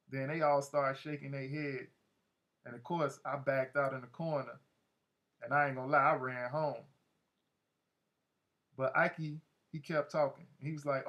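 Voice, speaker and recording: A man's voice: medium pitch, fairly even intonation, normal speed, pauses often, a bit bright. A man narrating a first-person audiobook in a loose, slangy, conversational way. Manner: loose, slangy, many "like" fillers.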